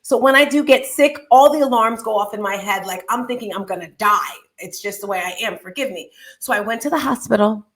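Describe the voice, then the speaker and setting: A woman host with a fairly high voice speaks in an animated, chatty way, often breaking into laughter. She is middle-aged and talks casually, giving heartfelt advice. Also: fairly quick. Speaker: podcast host. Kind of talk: casual motivational talk.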